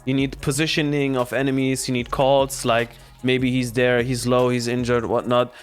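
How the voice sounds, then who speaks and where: A man's voice: medium pitch, level tone, normal speed, clean tone, faint music behind. A man, a guest streamer chatting casually on a podcast in a blunt, rambling, profane way. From Germany. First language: German.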